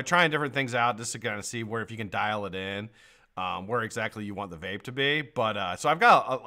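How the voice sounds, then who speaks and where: Hosting a laid-back live stream, a man speaks in a lowish, bright, forceful voice. He rambles loosely, swears heavily and breaks into laughter often between jokes.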